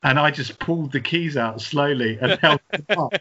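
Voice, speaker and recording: A middle-aged Englishman co-hosting a podcast tells a long story in a rambling, casual way, laughing and restarting often. His voice is on the high side, sharp and slightly rough, at a moderate pace, captured in dull lo-fi audio.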